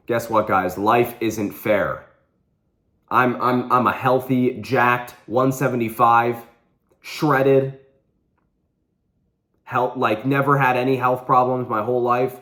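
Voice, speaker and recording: A man's voice: medium pitch, steady tone, takes it slowly, pauses often, a bit bright. A young man vlogging, telling a personal story with earnest intensity and repeating phrases for emphasis.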